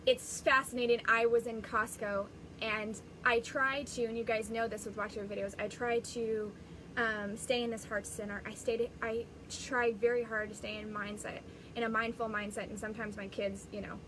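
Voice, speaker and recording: A woman's voice: a little high, level tone, normal speed, noisy background. A woman hosting a live-streamed spiritual reading as a psychic medium, talking in a rambling, chatty way and often restarting.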